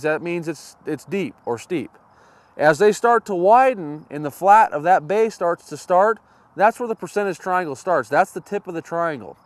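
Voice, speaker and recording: A man hosting a fishing show, teaching on a boat outdoors in a folksy way and bursting into excited exclamations. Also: high-pitched, no room sound. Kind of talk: outdoor fishing instruction and excited on-water chat.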